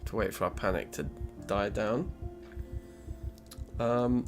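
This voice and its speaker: A man's voice: fairly low pitch, steady tone, takes it slowly, music in the background. A man narrating his game session as a let's play host, chatty and self-mocking, thinking aloud as he plays. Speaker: gaming channel host.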